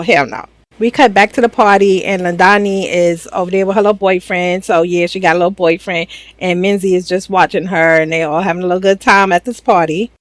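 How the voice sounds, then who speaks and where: A woman's voice: medium pitch, dry recording, rough recording. A woman giving a chatty, slangy, casual recap of a reality show, laughing often. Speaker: reaction channel host.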